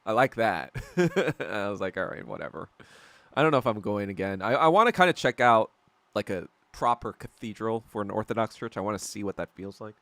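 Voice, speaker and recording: A man's voice: lowish voice, fairly quick, a bit bright, dry recording. A young man hosting a casual podcast, telling rambling stories with frequent laughs and swearing. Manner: rambling storyteller, laughs often, swears a lot. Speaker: podcast host. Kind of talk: casual livestream chat while eating.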